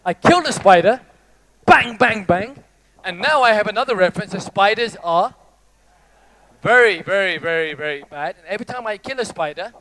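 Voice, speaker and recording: A man's voice: high voice, lively intonation, normal speed, long pauses, fairly bright tone. A man giving a live motivational talk to an audience, telling stories in a playful, theatrical way and speaking straight to the crowd. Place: stage before a live audience.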